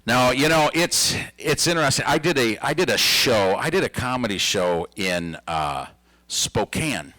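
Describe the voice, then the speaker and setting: A man in his fifties performing a stand-up comedy routine, telling stories with a playful, animated delivery. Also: mid-range voice, a little slow, no room sound, rough recording. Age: 50s.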